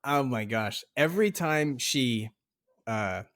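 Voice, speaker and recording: A man's voice: medium pitch, normal speed. A man co-hosting a casual podcast, telling a story and laughing through his words. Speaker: podcast co-host.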